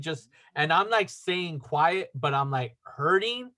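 A man's voice: a little high, lively intonation, takes it slowly, sharp tone. A man telling a story in casual chat, rambling with lots of fillers and acting out the dialogue. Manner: rambling, filler-heavy, acts out quoted dialogue. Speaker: podcast storyteller.

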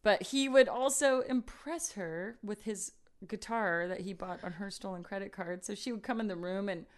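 Woman podcast co-host, casual rambling storyteller, mid-pitched. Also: moderate pace, smooth. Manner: rambling, full of "like" and quoted voices.

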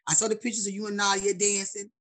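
A woman in her forties in casual chat, animated and preachy, laughing often, heard over a video call. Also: mid-range voice, fast talker. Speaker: guest.

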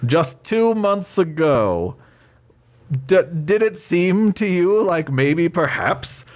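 A man's voice: high voice, very animated, takes it slowly. A man in a tabletop role-play chat, questioning witnesses in a mock trial, talking hesitantly with many fillers and restarts.

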